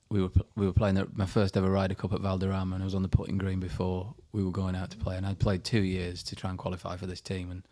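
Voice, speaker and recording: A middle-aged man, a former pro golfer and podcast guest, telling a story in a lively way and laughing as he goes. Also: low-pitched.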